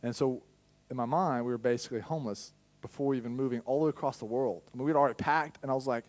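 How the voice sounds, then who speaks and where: Speaking from a church pulpit, this young man shares his own testimony with candor, punctuated by abrupt loud outbursts. He has a medium pitch and talks quickly.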